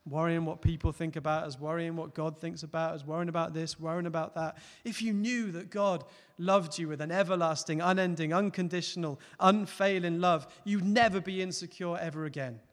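A man preaching a sermon, earnest, rising to loud emphatic peaks and dropping to soft, close appeals. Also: fairly high pitch, fairly even intonation, a little fast, hardly any pauses. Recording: long hall reverb.

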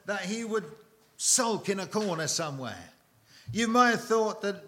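A man preaching a sermon to a congregation, emphatic and dramatic, with long pauses and repeated phrases. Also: high voice, fairly bright tone.

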